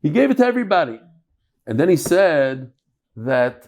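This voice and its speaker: Guy teaching talmud, chatty and lively, kinda high voice. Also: normal speed, pauses often. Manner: lively, chatty lecturing mixing Hebrew and Yiddish terms. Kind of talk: Talmud class.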